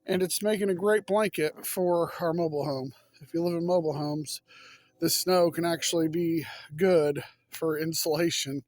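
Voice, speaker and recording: A man vlogging outdoors in deep snow on a phone camera, cold and out of breath, talking to his viewers as folks in a folksy way. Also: steady tone, normal speed, darkish tone. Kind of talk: casual outdoor vlog.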